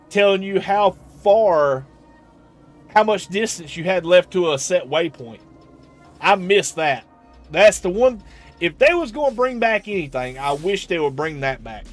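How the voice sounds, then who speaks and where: A man hosts a relaxed game live stream, chatting freely and answering viewers. His voice sits a little high, and he often restarts his sentences. Faint music plays underneath. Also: unhurried. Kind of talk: casual live-stream chat.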